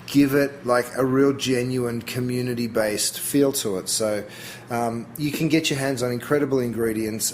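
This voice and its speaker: A man's voice: mid-range voice, slight background noise. A middle-aged Australian man, a chef being interviewed, talking casually and thinking aloud with frequent restarts. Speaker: chef guest.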